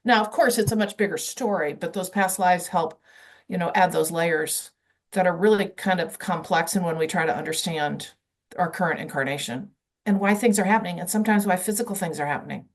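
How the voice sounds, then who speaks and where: A woman's voice: on the low side, a little fast. Woman telling a spiritual story in conversation. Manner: animated, lots of fillers like "you know". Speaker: guest, past life channeller.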